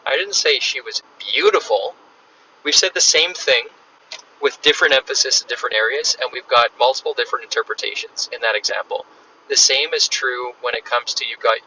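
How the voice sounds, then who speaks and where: Recorded while traveling, this solo podcast finds its host talking through ideas casually and conversationally in a bright, forceful mid-range voice. The sound is lo-fi, dull and distant, carrying faint noise.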